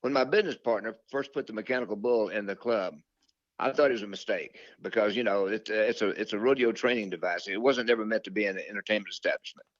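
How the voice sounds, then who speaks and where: Here an older male interview guest with a lowish voice talks fast, spinning rambling stories marked by fillers, restarts, and self-quoted thoughts. The casual storytelling interview has a dull, dry, lo-fi sound with no echo.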